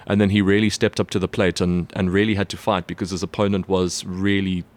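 A man's voice: deep voice, little pitch movement, fairly quick. A man reporting on sports, chatting casually with colleagues, with lots of fillers and restarts. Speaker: sports reporter co-hosting a podcast. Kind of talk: casual chat.

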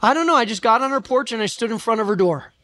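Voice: medium pitch, animated, fast, fairly bright tone, close to an everyday voice. A preacher acting out a grown son who explains a failed visit in a puzzled tone. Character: grown son telling a parent about a visit.

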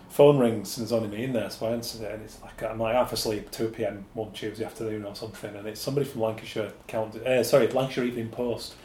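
A man hosting a podcast, telling stories lively and acting out the quotes. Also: fairly low pitch. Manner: animated storyteller, acts out quotes. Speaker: podcast host. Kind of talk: casual chat. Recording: echoey room with faint hiss.

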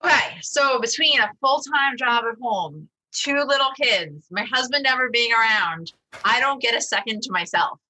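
A woman's voice: fairly high pitch, expressive, normal speed, pushed and bright, low-quality recording. A busy mother calling into a podcast, harried and laughing about having no time. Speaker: caller asking for advice. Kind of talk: casual podcast chat.

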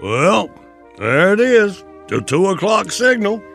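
A man's voice: high voice, sing-song, slow pace, gravelly, music in the background, heavily acted. A man with a Southern accent voicing a grumpy, sarcastic retired lawyer in his later years, bickering with his wife in a radio sketch. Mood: grumbling.

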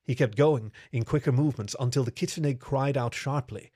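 A man reading a story aloud in steady, even scripted narration. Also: mid-range voice, normal speed, no room sound, clean studio sound.

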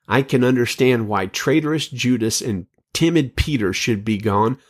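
A male preacher delivers a sermon in a measured, earnest voice, reading scripture aloud. His pitch sits in an ordinary middle range, and he leans on key words for emphasis.

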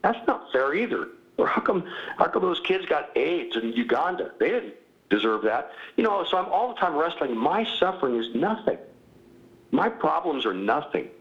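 Older man in his sixties, gravelly, lively pitch, former pastor guest, dull lo-fi recording. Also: moderate pace. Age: 60s. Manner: animated, self-mocking, often laughing. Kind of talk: candid interview talk.

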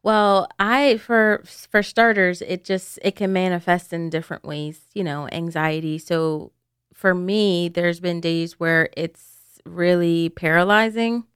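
A woman guest on a podcast, calmly explaining from her own experience in a studio. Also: lowish voice, slow, smooth, no room sound. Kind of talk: casual podcast chat.

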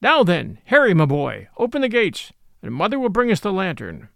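A man's voice: high voice, huge pitch swings, moderate pace, gravelly, fairly bright tone, dry recording, studio quality, full character voice. A man voicing a kind, cheery male cab driver who speaks in a friendly but firm way.

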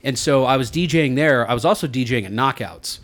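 A man on a radio show, telling long stories in a relaxed, rambling way and laughing often. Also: medium pitch, brisk. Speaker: radio host. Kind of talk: casual chat.

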